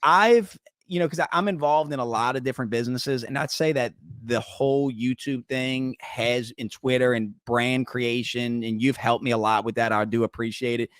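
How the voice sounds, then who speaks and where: A man's voice: medium pitch, normal speed, a bit bright, clear, resonant tone, dry recording, studio quality. Laid-back man hosting a livestream. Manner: laid-back, addresses the chat as y'all. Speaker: host. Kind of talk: casual livestream talk.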